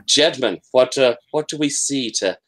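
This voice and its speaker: Running a tabletop session as game master, this man stumbles along, often restarting sentences and leaning on fillers. The voice is fairly bright and pitched mid-range.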